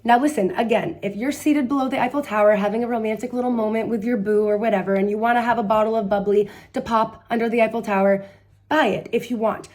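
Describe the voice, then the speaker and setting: Brief: woman vlogger, rapid chatty delivery, fairly high voice, blunt and sarcastic. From United States. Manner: chatty, animated storytelling with quoted voices. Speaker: travel vlogger. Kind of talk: casual advice vlog.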